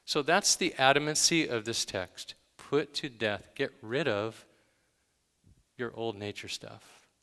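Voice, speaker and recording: A male pastor gives a conversational yet emphatic sermon in a mid-range voice, speaking slowly with a bright, forceful tone. He tells everyday stories punctuated by dramatic gasps, and the recording carries a long hall reverb.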